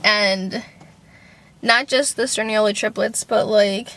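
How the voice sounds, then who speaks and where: A woman's voice: medium pitch, fairly even intonation, slow pace, a bit bright. A young woman talking casually to camera in a personal vlog, rambling, filling with "like" and swearing freely. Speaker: vlogger.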